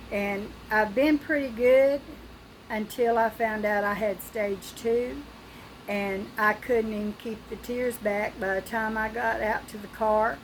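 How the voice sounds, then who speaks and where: An older woman speaks slowly in a personal video diary, her voice frightened and halting. She pauses often and restarts her sentences. A faint background noise sits under her voice. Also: mid-range voice, low-quality recording. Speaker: vlogger.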